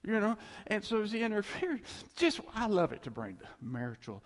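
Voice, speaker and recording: A man's voice: high voice, fairly quick, in a large hall. A man preaching a conversational sermon in a church. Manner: animated and conversational, laughs between points.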